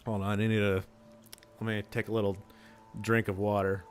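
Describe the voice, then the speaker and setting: A man's voice: fairly low pitch, flat delivery, normal speed, slight background noise. A man streaming live, chatting goofily with his viewers and laughing often. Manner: goofy, laughs a lot, chats with viewers. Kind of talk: casual live-stream chat.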